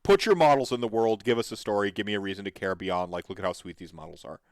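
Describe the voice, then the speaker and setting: A man's voice: fairly low pitch, fast, no echo. A man hosting a podcast, reacting to videos in an enthusiastic, rambling way with lots of fillers. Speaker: podcast host. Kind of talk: casual commentary reacting to videos.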